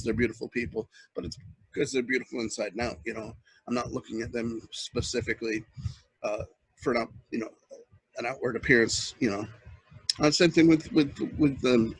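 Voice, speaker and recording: Host type: earnest, halting man, husky tone, close and dry sound. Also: medium pitch, dry recording, low-quality recording. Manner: earnest, halting, with many restarts. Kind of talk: casual webcam monologue.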